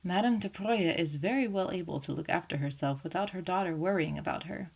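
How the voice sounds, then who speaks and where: A woman voicing an elderly, fussy male Belgian detective, speaking gently and ironically in an audiobook. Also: lowish voice, a little fast, vocal fry, breathy edge. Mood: ironic, teasing. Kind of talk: audiobook character voice.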